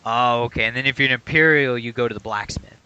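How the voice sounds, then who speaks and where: A man's voice: mid-range voice, fast talker, sharp tone, clear, resonant tone, lo-fi sound. A man co-hosting a podcast, chatting casually and walking through how a video game works. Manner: explanatory, walks through game mechanics. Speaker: podcast co-host.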